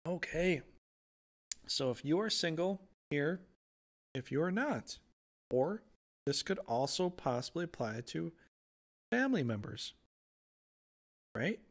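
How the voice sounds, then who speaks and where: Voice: medium pitch, sing-song, slow, pauses often. A tarot reader on their own channel, talking through a casual reading in a playful, rambling, goofy way full of tangents.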